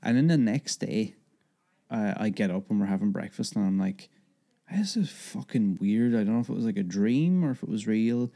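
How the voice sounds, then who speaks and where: A man's voice: fairly low pitch, brisk, gravelly, mellow. A man co-hosting a podcast, casually telling a rambling story full of fillers and swearing. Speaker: podcast co-host. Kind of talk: casual chat.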